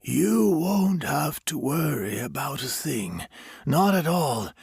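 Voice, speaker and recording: A gentle ghost murmurs in a hushed, comforting half-whisper, as a man reads him out. The voice is soothing but unsettling, sliding up and down, recorded dry and close. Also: on the high side, sing-song, takes it slowly, creaky, husky, dry recording, voice pushed up, heavily acted. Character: soothing ghostly male stranger, gentle and eerie.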